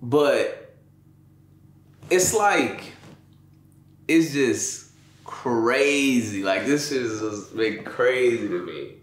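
A man's voice: medium pitch, lively intonation, very slow, long pauses. Emotional slangy man, echoey room. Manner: slangy, emotional, repeats "you know what I'm saying". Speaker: father telling his story in an interview. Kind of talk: emotional casual storytelling.

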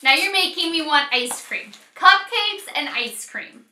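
A woman's voice: high voice, lively intonation, unhurried, bright, forceful tone, roomy sound. A woman in her thirties vlogging an unboxing at home, gushing and emotional, often laughing and exclaiming. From United States. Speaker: beauty vlogger. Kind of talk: casual unboxing vlog.

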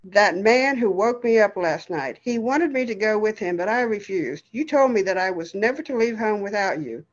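A woman's voice: medium pitch, expressive, moderate pace, lo-fi sound, close to an everyday voice. A woman voicing a feisty, stubborn elderly woman with dementia, scolding in a tart way. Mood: rambling. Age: older.

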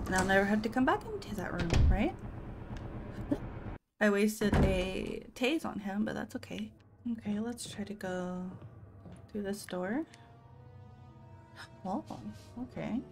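A woman's voice: medium pitch, animated, normal speed, pauses often, over music. A woman giving casual let's-play commentary, talking to herself and letting out frightened yelps.

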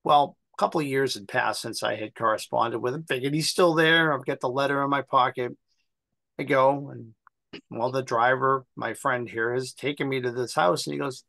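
An American man on a panel, telling family stories in a casual, animated way and acting out the voices of people he quotes. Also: medium pitch, moderate pace, vocal fry, dry recording. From United States. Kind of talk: casual storytelling.

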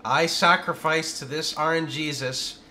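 A man streams a game and talks his way through it, yelling out moves and swearing as things happen. His voice sits a little high and sounds bright and forceful. A studio condenser mic keeps it close and clear. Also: steady tone, moderate pace, a little hiss or hum. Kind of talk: live gameplay commentary. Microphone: studio condenser microphone.

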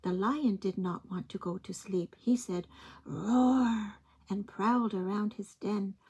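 A woman reading picture books aloud to young children in a slow, gentle, expressive way. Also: mid-range voice, slightly rough, muffled recording. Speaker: early-years storytime reader.

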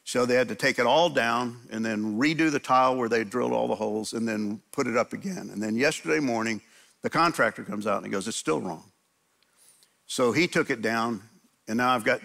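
Gravelly-voiced animated man preaching. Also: mid-range voice. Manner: animated storytelling, acts out quotes. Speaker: pastor. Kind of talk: conversational sermon. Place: church sanctuary.

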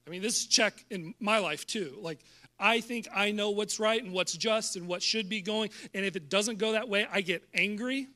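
A young adult man preaching a sermon in a church, jokey and animated, getting loud when riled up. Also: sits high, normal speed. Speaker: pastor. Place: church auditorium.

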